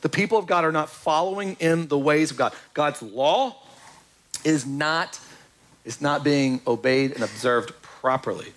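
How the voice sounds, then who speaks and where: A man preaching a sermon in a church, lively and joking with the congregation. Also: a little high, a little slow. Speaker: pastor.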